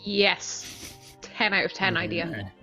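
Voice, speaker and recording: A woman's voice: on the low side, sing-song, slow pace, music in the background. A woman chatting casually on a stream, easygoing and a little hesitant. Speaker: game player. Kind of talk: casual chat.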